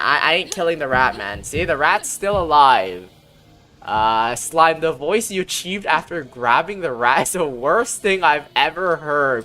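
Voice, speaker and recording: Animated, low-voiced woman streaming a game. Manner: chatty and animated, with sudden squealing outbursts; swears casually. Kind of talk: casual gameplay commentary.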